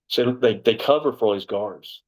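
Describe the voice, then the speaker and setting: A blunt, profane man from Texas tells a story while being interviewed, bursting out loudly whenever he quotes himself. His voice is fairly low and moderately paced, and the audio is poor.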